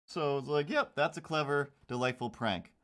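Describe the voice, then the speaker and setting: A man's voice: mid-range voice, normal speed, fairly bright tone. A man chatting casually while drawing comics on a stream, rambling with jokey mock outrage and slipping into silly voices.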